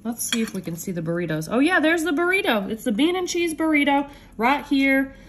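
A woman's voice: sits high, very animated, brisk, background noise. A woman hosting a casual home cooking demo, chatty and upbeat, calling her viewers y'all. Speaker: home cook host.

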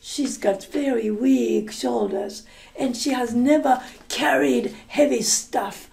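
Pleading mom of a spoiled girl, a teacher reading her lines, slow and a bit high. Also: vocal fry, darkish tone, a little hiss or hum. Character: pleading mother of a spoiled daughter.

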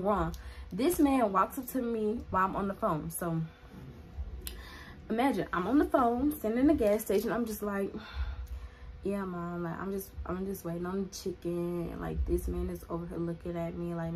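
A woman's voice: medium pitch, moderate pace, poor audio. Chatty woman telling a storytime. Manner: animated, chatty, heavy use of "like", talks straight to viewers. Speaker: vlogger. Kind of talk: casual storytime vlog.

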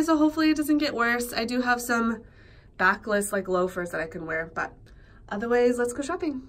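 A young woman chatting casually to camera in a travel vlog, bubbly and gushing, a little stuffed up with a cold. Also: mid-range voice. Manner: bubbly, gushing, many fillers and laughs. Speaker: vlogger. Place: hotel room and city streets.

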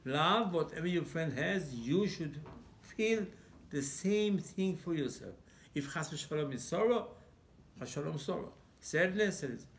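A male rabbi preaches emphatically. He asks rhetorical questions and talks in broken English. His voice sits a little higher than most men's. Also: animated, unhurried, creaky. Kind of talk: sermon.

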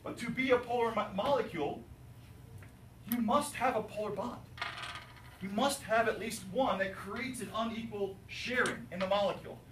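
A male chemistry teacher lecturing his class, animated and jokey, asking students questions. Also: high-pitched, moderate pace, a little hiss or hum. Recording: roomy, distant classroom recording.

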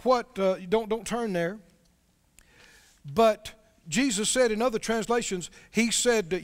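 A man with a very high voice preaches a sermon, asking his listeners questions as he reads aloud. His voice rings with the long reverb of a church hall. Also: slow. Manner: conversational preaching, asks the congregation questions. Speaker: pastor.

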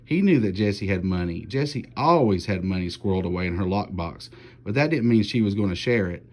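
A man, a teacher, reading a children's storybook aloud in steady, plain narration. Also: low-pitched, a little fast.

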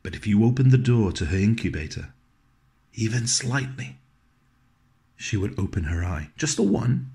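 A man with a very deep voice delivers a scripted dramatic monologue. He tells it in a gentle, wry way, dropping into low, soft passages. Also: lively intonation, moderate pace, long pauses. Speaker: actor performing a monologue.

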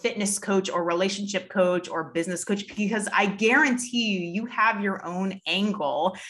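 Bright-voiced enthusiastic woman host. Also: mid-range voice, normal speed. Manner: enthusiastic, rambling restarts. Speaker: interview host. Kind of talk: conversational interview.

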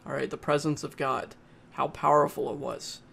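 A man giving a casual, halting spoken movie review, often pausing and restarting his sentences. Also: a little high, level tone, gravelly, a bit bright, husky. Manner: plain, halting, with frequent uhs and restarts.

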